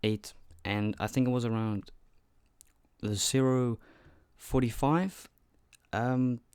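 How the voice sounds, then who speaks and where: A man's voice: mid-range voice, steady tone, slow pace, a little mellow, smooth, dry recording, clean studio sound. An eighteen-year-old man telling a story on his vlog, chatty and loose, with frequent swearing. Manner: loose, profane, chatty retelling. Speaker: vlogger.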